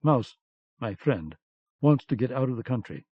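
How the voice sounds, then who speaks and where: Man doing a firm, calm male agent, husky, dry, dull cassette sound. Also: mid-range voice, normal speed, no room sound. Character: steady male agent, firm and self-assured.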